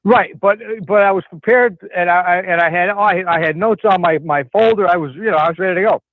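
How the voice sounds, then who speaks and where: A man's voice: high-pitched, brisk, dry recording. A man from Connecticut calling in to a talk show, telling a story in a rambling way with many restarts. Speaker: caller. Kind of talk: casual phone-in chat. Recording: tinny phone line.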